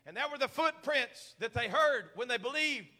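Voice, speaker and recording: A man preaching a sermon as pastor, stammering repeats and climbing into shouts. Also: very high voice, expressive, moderate pace. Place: church hall. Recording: live church hall reverb.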